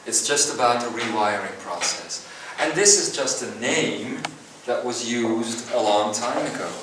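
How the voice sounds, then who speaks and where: Man, spiritual teacher, live seminar, earnest drawn-out phrasing, roomy hall echo, hum of room noise. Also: mid-range voice, lively intonation. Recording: echoey hall recorded from far off.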